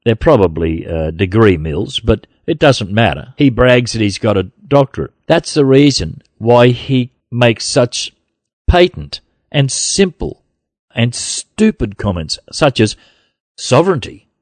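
A man's voice: medium pitch, very animated, unhurried, no echo. A man hosting a gospel podcast, talking bluntly and combatively and laughing often. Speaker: podcast host. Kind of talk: casual podcast chat.

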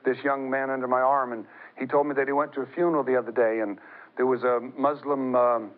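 A middle-aged man preaching a sermon, telling stories in an animated way that climbs high as he gets excited. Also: brisk. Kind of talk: sermon with storytelling. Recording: tinny phone-like broadcast sound.

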